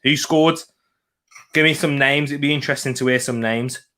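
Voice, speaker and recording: Bright and forceful in tone, this young man speaks at medium pitch with fairly even intonation and a moderate pace. He hosts a casual live football watch-along, reading comments, chatting to viewers, eating, and laughing a lot.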